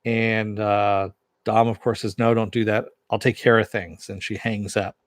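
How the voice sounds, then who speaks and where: A man with a lowish voice talks through a TV episode recap in a loose, rambling way, leaning on fillers as he goes. The sound is dry and close, with no room echo. He comes across as a casual reviewer. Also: little pitch movement, unhurried. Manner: rambling, filler-heavy retelling.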